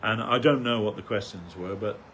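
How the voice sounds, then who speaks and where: A man's voice: on the low side, brisk, a bit bright, a little hiss or hum. An older man giving a rambling, anecdotal remembrance talk as a devotee speaker at a temple festival, with many fillers, restarts and chuckles.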